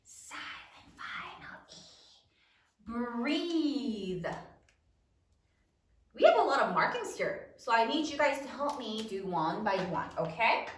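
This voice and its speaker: A woman teacher leading a spelling lesson for third graders, dictating words slowly and deliberately and spelling them out letter by letter. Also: a little high, very animated, roomy sound, distant mic.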